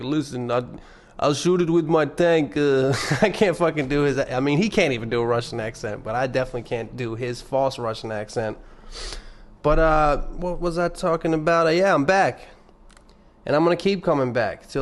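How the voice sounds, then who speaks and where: A young man hosting his own podcast alone, rambling and joking with lots of swearing. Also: medium pitch. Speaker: podcast host. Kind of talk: casual solo podcast rant.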